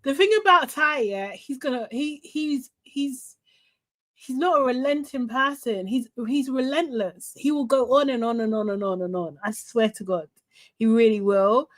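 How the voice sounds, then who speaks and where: A woman host chatting live to her viewers, animated and laughing often, with lots of fillers. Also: fairly high pitch, moderate pace. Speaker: host recapping a reality show. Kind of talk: live casual chat to viewers.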